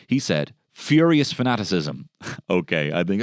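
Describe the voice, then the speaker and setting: A man's voice: sits low, very animated, moderate pace, no echo, clean studio sound. A man with an Irish accent hosting a solo comedy podcast, rambling and sardonic, swearing freely. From Ireland. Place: podcast studio.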